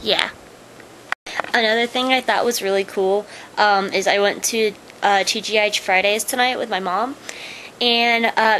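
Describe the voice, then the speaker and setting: A woman's voice: fairly high pitch, pushed and bright, slight background noise, rough recording. A young woman chatting casually to her webcam, rambling through stories and gushing sign-offs. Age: young adult. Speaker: vlogger. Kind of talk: casual vlog chat.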